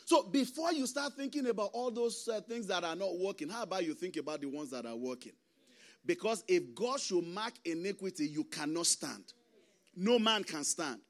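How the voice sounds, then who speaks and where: A man, a pastor preaching a sermon with impassioned swings between loud emphasis and hushed asides. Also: high-pitched, animated, moderate pace. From Nigeria.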